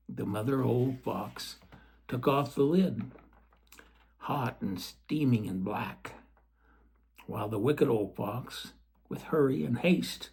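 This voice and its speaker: A man reading a storybook aloud in a gentle way, with chatty asides to the listener. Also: medium pitch, slow, vocal fry, pauses often, slightly rough.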